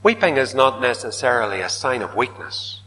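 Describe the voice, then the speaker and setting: Preacher in a reverberant hall. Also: male voice, medium pitch, animated, normal speed. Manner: dramatic, swinging from loud declaiming to hushed whispers. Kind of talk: sermon.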